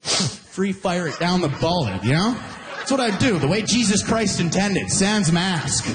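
A male stand-up comedian from Alberta telling a rambling, animated story to a live audience. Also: high voice, unhurried, soft background music. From Alberta, Canada. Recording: echoey hall with audience noise.

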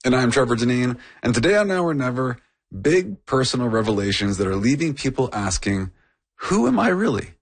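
A man's voice: medium pitch, a little fast, dry recording. A man co-hosting a podcast, chatting candidly and sharing personal anecdotes. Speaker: podcast co-host. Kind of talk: conversational chat.

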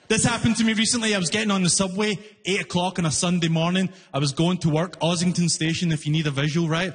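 High-voiced man doing stand-up in a hall. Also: quick pace, few pauses. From outside Canada, newly arrived. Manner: animated storytelling, acts out both sides in raised shouting voices. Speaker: stand-up comedian. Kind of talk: stand-up comedy set. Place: live comedy venue with long reverb. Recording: live hall reverb, faint room noise. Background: audience laughter.

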